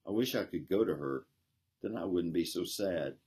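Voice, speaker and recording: A man's voice: low voice, lively intonation, moderate pace, darkish tone, breathy edge. A man voicing a sad, earnest little chimney-sweep boy in a read-aloud story. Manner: earnest, tearful.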